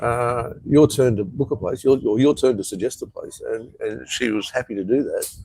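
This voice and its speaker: A man's voice: medium pitch, normal speed, gravelly, dark tone, slight background noise, rough recording. A man with an Australian accent, rambling in a laid-back way as he chats casually on a live stream from an outdoor patio. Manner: rambling, laid-back, reads out viewer comments. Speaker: vlogger.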